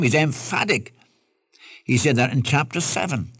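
A man's voice: mid-range voice, animated, normal speed, pauses often, a bit bright, husky, dry recording, clean studio sound. A man preaching a radio Bible study sermon, emphatic and pleading as he quotes scripture.

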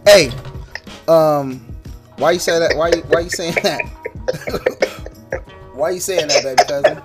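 A man's voice: on the high side, slow pace, soft background music. Playful laughing man hosting a chat. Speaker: host. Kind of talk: casual phone chat.

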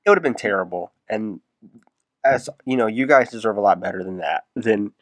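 A man's voice: on the low side, expressive, moderate pace, no echo. A young man co-hosting a podcast, getting over an illness, chatting in a wry, laid-back way and often repeating himself as he starts a thought. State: recovering from illness, congested. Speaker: podcast co-host. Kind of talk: casual chat.

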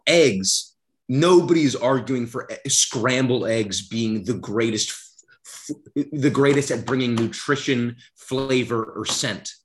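A man's voice: medium pitch, takes it slowly. A man in a comedic mock debate on a podcast, heated and profane, calling his opponent mocking nicknames.

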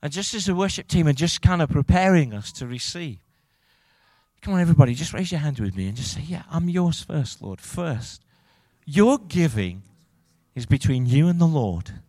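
A male pastor preaching a sermon, moving from quiet reflection to loud, rousing calls to the congregation. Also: a little high, very animated, moderate pace, no room sound.

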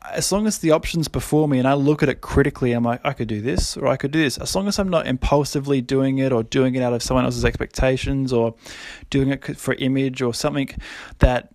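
A man's voice: medium pitch, fast, few pauses, a little mellow, no room sound. A young man hosting a podcast, talking casually with many fillers and frequent laughs. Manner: rambling, lots of fillers, laughs often. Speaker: podcast host.

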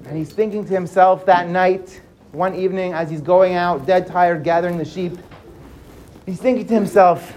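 Brief: expressive storyteller, animated narration that sinks to a hush in tense moments. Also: medium pitch, moderate pace, a little hiss or hum. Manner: lively, drops to hushed for suspense. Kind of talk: dramatic storytelling.

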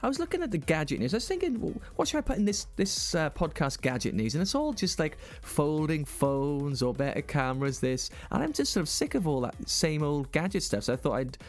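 A man's voice: fairly high pitch, very animated, brisk, few pauses, faint music behind. A man in his forties co-hosting a podcast, telling stories in casual chat and acting out voices in his anecdotes. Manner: chatty storyteller, acts out voices in anecdotes. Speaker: podcast co-host.

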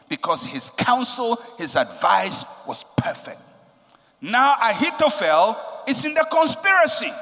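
A man preaching a sermon with passion, swinging between soaring, emphatic lines and hushed, low ones. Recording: long reverb of a large hall.

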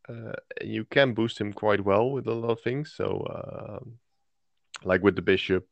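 A man co-hosting a casual tabletop game chat, relaxed and easygoing, with fillers. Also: fairly low pitch, creaky, no room sound, dull audio. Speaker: podcast co-host.

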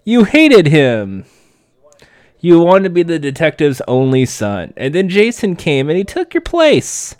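A man voicing a menacing male villain who taunts his enemy in a quiet, measured way while recapping a show. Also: on the high side, wildly swooping pitch, no room sound, clean studio sound, pitched above the performer's own voice. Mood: sinister.

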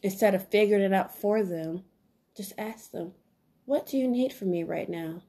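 A woman with a mellow, warm-toned voice talks straight to her listeners in an earnest, encouraging way. She leans on repeated phrases like a gentle sermon. Her pitch sits in an ordinary middle range. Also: normal speed. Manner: earnest, repetitive, preachy and encouraging. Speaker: podcast host. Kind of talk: motivational self-help talk.

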